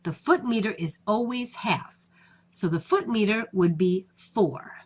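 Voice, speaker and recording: A woman's voice: medium pitch, measured pace, darkish tone. A woman teaching a lesson on poetic meter, explaining patiently step by step. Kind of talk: classroom lecture on poetry.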